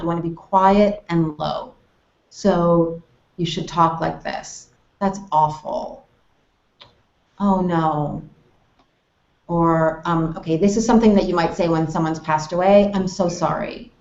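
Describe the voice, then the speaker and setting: An American woman teaching English conversation, explaining clearly and acting out example phrases with exaggerated tone. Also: mid-range voice, a little mellow. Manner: friendly, explanatory, models phrases with exaggerated intonation. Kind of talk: online English lesson hangout. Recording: roomy, dull web call audio.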